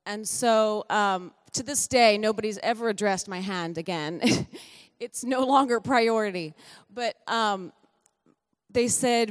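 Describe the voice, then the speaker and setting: Middle-aged woman, relaxed testimony at church, talkative and self-correcting, long hall reverb. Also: mid-range voice, measured pace, clear, resonant tone. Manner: chatty, self-correcting storyteller with light laughs. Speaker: pastor's wife giving a testimony.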